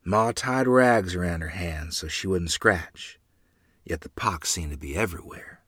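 Husky-voiced man narrating a memoir. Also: low voice, a bit bright, no echo, clean studio sound. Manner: earnest, measured storytelling. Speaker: storyteller. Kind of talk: first-person memoir narration.

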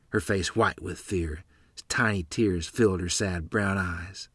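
A man narrating a first-person story in an expressive, storytelling style. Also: deep voice, slow pace, husky, no room sound, studio quality.

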